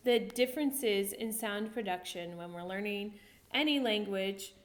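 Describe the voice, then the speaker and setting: A woman giving a casual pronunciation lesson, chatty and self-interrupting, repeating sounds slowly to demonstrate them. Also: mid-range voice. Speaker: language learner teaching pronunciation.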